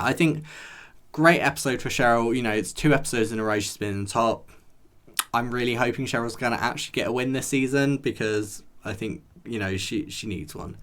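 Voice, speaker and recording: A man's voice: mid-range voice, moderate pace, bright, forceful tone. Chatty man rambling to his viewers. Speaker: show reviewer. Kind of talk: casual chat to camera.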